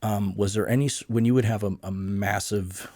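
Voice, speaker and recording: A man with a deep, low voice hosts a podcast, asking long and earnest questions. The recording is close and dry, with no room sound. He speaks steadily and sincerely. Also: fairly even intonation, moderate pace, a little mellow, no room sound. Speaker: podcast host. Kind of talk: podcast interview.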